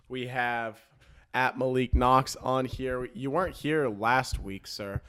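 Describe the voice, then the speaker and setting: A man's voice: mid-range voice, fairly even intonation, takes it slowly, a bit bright, smooth. A young man hosting a casual podcast chat, crude and joking, laughing often. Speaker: podcast host.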